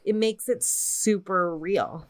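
A podcast co-host with a medium-pitched voice talks at a slow pace, retelling a ghost story casually. She's lively about it and swears a lot.

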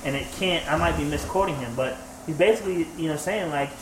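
A man's voice: fairly high pitch, quick pace. A man co-hosting a podcast in casual chat, reflective and agreeable, often affirming others. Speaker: podcast co-host. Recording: echoey room with faint noise.

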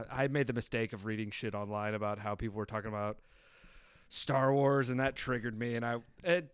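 A man's voice: mid-range voice, fairly even intonation, moderate pace, smooth, no room sound, clean studio sound. A man co-hosting a podcast, talking casually about a film and ranting with casual swearing. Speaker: podcast co-host.

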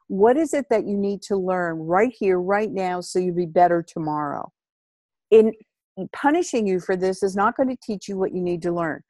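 A woman's voice: mid-range voice, darkish tone, no echo, clean studio sound. A woman in casual conversation about parenting, speaking earnestly and emphatically in a coaching tone.

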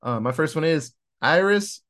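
A man's voice: medium pitch, expressive, normal speed. A man co-hosting a casual horror movie review podcast, rambling, swearing and laughing often. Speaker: podcast co-host.

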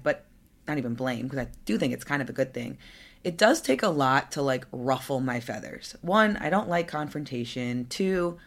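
A young adult woman hosting her own podcast, talking candidly and conversationally with fillers and asides. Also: low voice. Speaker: podcast host. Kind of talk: solo podcast monologue.

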